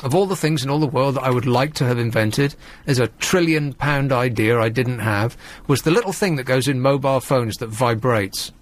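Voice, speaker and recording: A man's voice: mid-range voice, moderate pace, hardly any pauses. A man hosting a late-night radio phone-in, chatting in a wry, rambling way and laughing easily with callers. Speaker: radio host. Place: radio studio.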